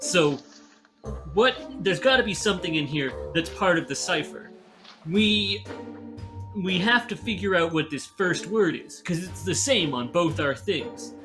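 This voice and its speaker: Brief: high-voiced male player, rambling, stammering, music clearly under. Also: lively intonation, unhurried. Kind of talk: tabletop role-play banter.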